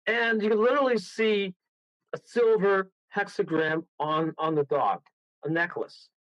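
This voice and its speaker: High excitable male radio guest, rambling story, dry dull lo-fi audio. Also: measured pace, no echo. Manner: excitable, rambling, laughs through his story. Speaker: guest medium and paranormal investigator. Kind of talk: casual storytelling on a radio call.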